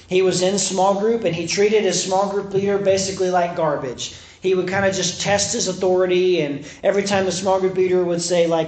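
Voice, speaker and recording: A man's voice: high voice, darkish tone, reverberant, poor audio. A young man preaching a sermon as a campus minister, telling a story and acting out the quotes with a raised voice.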